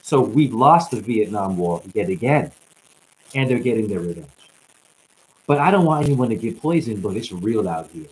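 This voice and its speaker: A man hosting a rambling livestream, preaching and joking by turns, with loud outbursts that drop to low mutters. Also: lively intonation, normal speed. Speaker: livestream host. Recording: crackling static on the line.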